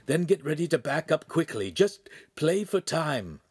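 A man's voice: fairly high pitch, big pitch swings, unhurried, breathy edge, no echo, studio quality, pitched above the performer's own voice, heavily acted. A man voicing a small artificial helper that urgently advises caution in an audiobook. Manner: urgent, insistent advice.

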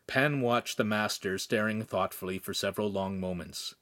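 A man narrating a young adult novel as an audiobook, with animated storytelling. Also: lowish voice, normal speed, hardly any pauses, no echo, studio quality. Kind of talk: scripted narration.

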